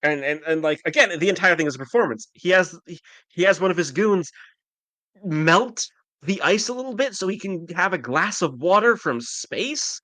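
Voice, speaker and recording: A man co-hosting a podcast, talking about comics in an animated, sarcastic way with lots of "like.". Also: high-pitched, moderate pace, dry recording. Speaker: podcast co-host. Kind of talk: casual comic book discussion.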